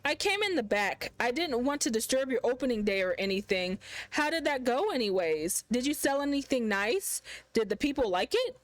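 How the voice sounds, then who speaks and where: A woman reading a sweet gentle young man. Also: on the high side, big pitch swings, normal speed, no echo. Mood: eager. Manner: soft, reassuring, eager.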